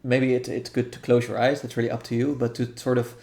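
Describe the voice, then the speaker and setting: A man calmly explaining how a guided meditation practice will go, thinking aloud with frequent restarts. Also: medium pitch. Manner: thoughtful, halting, many restarts and fillers. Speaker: guest guiding a meditation practice. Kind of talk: explaining a practice in casual conversation.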